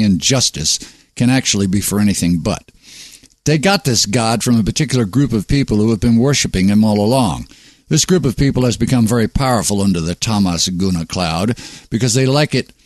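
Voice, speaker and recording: A man's voice: fairly low pitch, no room sound. Male host, sardonic and preachy monologue, dry close-miked sound. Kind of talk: reading a monologue.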